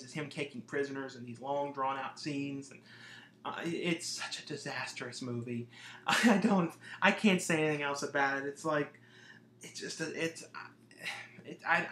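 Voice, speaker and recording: Casual male vlogger, bright tone, rambly filler-heavy delivery, roomy echo. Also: medium pitch, slight background noise. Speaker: movie collection vlogger. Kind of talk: casual review monologue.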